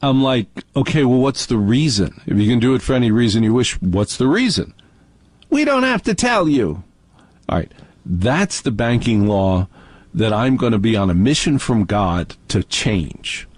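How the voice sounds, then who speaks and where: A man's voice: fairly low pitch, animated, normal speed, darkish tone, husky, no echo. A man hosting a call-in radio show, ranting with indignant sarcasm. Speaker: radio talk show host. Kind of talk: talk radio monologue and call-in.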